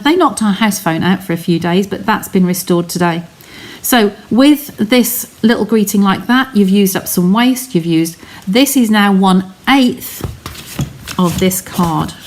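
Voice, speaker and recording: A woman's voice: mid-range voice, unhurried. A woman hosting a live craft stream from her home studio, explaining each step in a chatty way and talking to her viewers.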